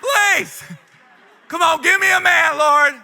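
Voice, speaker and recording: A high, bright woman's voice pleads theatrically with God for a husband, as a male preacher puts her on. She whines and begs in a big reverberant hall. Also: takes it slowly, gravelly, heavily acted. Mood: pleading. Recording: reverberant church auditorium.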